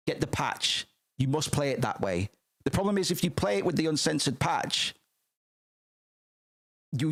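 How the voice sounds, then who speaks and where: A man streaming, chatting casually and rambling, swearing freely with many restarts. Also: on the high side.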